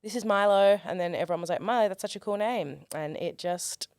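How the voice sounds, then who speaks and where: A young Australian performer telling stories in a casual interview, animated and comic, acting out quoted voices. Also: female voice, mid-range voice, brisk, dry recording, studio quality. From Australia, Perth. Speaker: guest, performer.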